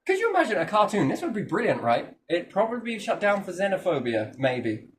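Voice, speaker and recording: A man talks loosely and excitedly, hopping from one idea to the next and swearing freely. His voice swings up and down a lot. He sits somewhat back from the microphone, with a faint hum of noise behind him. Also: sits high, quick pace, far from the mic. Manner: animated, jumps between topics, swears freely. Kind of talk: rambling casual chat.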